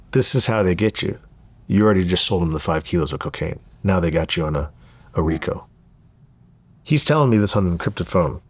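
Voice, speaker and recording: A man's voice: low-pitched, dry recording. A man in his thirties, an interview guest recounting a story and acting out the lines of others. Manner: animated storyteller acting out quoted dialogue.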